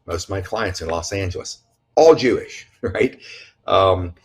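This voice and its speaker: A man with a fairly low voice speaking in a relaxed podcast chat. He talks bluntly and emphatically, swears freely and wanders through asides and restarts. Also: a little slow. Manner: rambling with frequent restarts and asides. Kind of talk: casual conversational podcast talk.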